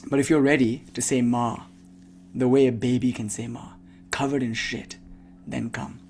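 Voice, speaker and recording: A man's voice: medium pitch, steady tone, moderate pace, a little mellow, slight background noise. A man giving a devotional talk as a spiritual teacher, turning into a blunt, impassioned rant that swears freely and mocks the people he imagines asking him questions.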